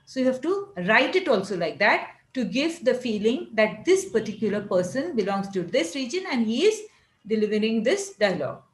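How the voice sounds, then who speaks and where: A woman's voice: a little high, very animated. Indian English woman lecturing, echoey room. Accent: Indian English, Maharashtra. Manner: explanatory, repeats and restarts phrases, demonstrates accents slowly. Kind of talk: online lecture.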